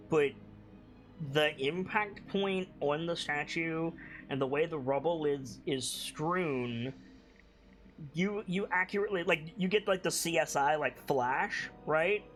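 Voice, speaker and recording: A man's voice: fairly high pitch, slow, fairly bright tone, faint music behind. A man as game master of a tabletop game, explaining the scene loosely with many fillers.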